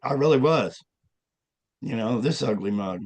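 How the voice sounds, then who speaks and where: A man's voice: medium pitch, animated, measured pace, a little mellow, husky. A man talking as an interview guest and author, rambling along with many fillers and restarts. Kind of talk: casual interview talk.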